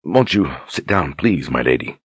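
A man's voice: very deep voice, expressive, moderate pace, slightly rough, no echo, studio quality, exaggerated voice. A man voicing an earnest, humble young lord in an audiobook, apologetic and plain-spoken.

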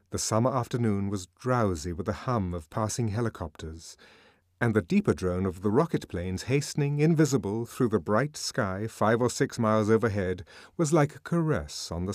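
A man reads a novel aloud in a lower voice with lively, expressive pitch. The recording is dry and close, with no room sound. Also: no echo. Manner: expressive, measured reading. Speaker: narrator. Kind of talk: audiobook narration.

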